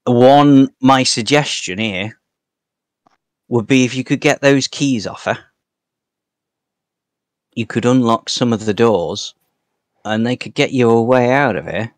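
A man's voice: medium pitch, unhurried, pauses often, dry recording. A man narrating a tabletop game as game master, describing scenes with a few hesitations.

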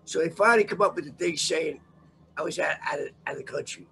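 Older man, gravelly, high and lively. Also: fast talker, a little hiss or hum. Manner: profane, animated storyteller. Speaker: guest. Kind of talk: storytelling in a casual interview.

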